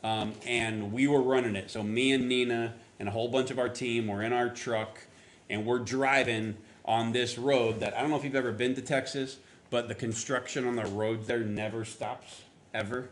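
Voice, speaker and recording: A pastor preaches a sermon in a steady voice at normal speed, with slight background noise. He tells a personal story conversationally, acting out the dialogue by raising his pitch on the quotes.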